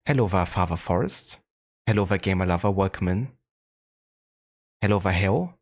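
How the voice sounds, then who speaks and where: A man's voice: low voice, expressive, moderate pace. A man with a German accent chatting casually on a live game stream, greeting viewers in a laid-back way with frequent fillers.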